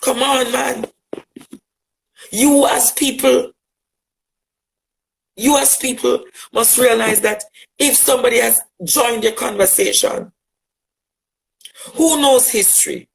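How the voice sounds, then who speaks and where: Heard on a rough recording, a very high-pitched, gravelly voice with a fairly bright tone belongs to an unhurried Jamaican man with a Jamaican accent. An LGBTQ advocate, he turns a fiery, rhetorical monologue on a critic, repeating phrases to drive his points home.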